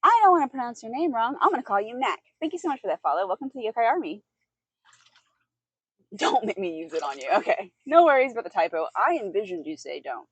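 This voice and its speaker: Giggly woman streamer, lively husky voice. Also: a little high, quick pace, no room sound. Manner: chatty and giggly, reacting to chat. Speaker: livestreamer. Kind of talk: casual chat with a live audience. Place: outdoor hot tub.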